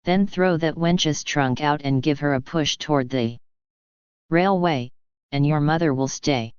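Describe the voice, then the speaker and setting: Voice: medium pitch, clean tone, no room sound, lightly acted. A narrator reading a blustering, scornful old uncle. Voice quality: slow, even reading. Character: blustering older man, hot-tempered uncle. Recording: slightly dull, dry recording.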